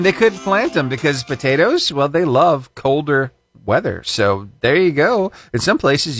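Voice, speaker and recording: A man's voice: fairly high pitch, a bit bright, no echo. A man hosting a short radio feature segment, telling the story in a chatty, playful way with punchy emphasis. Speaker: radio host.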